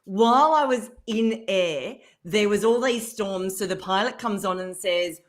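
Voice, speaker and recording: A woman, a radio guest telling a story in lively fashion, acting out what people said. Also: mid-range voice, unhurried, few pauses. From Australia. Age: 50s. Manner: animated storyteller acting out quotes, laughing.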